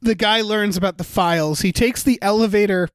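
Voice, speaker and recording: High-voiced man griping about a movie, dry sound. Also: fairly quick, clean tone, dry recording. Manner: profane, rambling, animated griping. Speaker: podcast co-host. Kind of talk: casual movie review chat.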